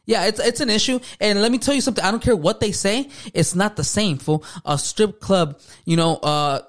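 A man's voice: high voice, brisk. A man co-hosting a podcast, talking in profane slang and calling people "fool". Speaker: podcast co-host. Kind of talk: casual podcast chat.

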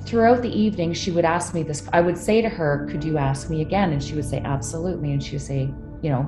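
A woman's voice: deep voice, quick pace, roomy sound, music in the background. A middle-aged woman telling a personal story with candid emotion, swearing freely. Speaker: guest.

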